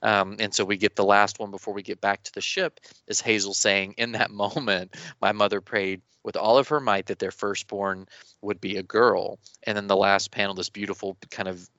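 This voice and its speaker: A man co-hosting a podcast in casual chat, rambling and animated with many restarts. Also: on the low side, moderate pace, no echo, lo-fi sound. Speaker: podcast co-host.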